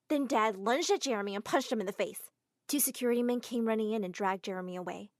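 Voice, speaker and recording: A woman narrating a first-person animated drama story in a dramatic, exclaiming manner. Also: on the high side, no echo, clean studio sound. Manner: dramatic, exclaiming, quick shifts to emotional outbursts.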